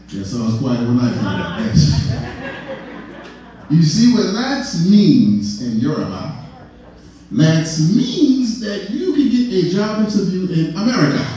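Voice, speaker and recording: A man's voice: a little high, warm tone, far from the mic. A man putting on an exaggerated African accent as a gag persona, teasing the audience in an echoey hall. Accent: African, put on. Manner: over-the-top, teasing. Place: large church hall stage. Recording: echoey hall, mic from afar. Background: audience laughing.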